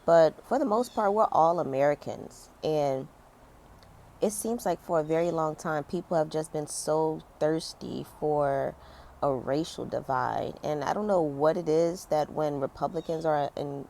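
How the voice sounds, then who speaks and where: This thirty-something commentary vlogger delivers a chatty opinion rant full of fillers and emphatic complaints. She speaks unhurriedly in a low, slightly mellow voice with vocal fry, and there's a little hiss or hum.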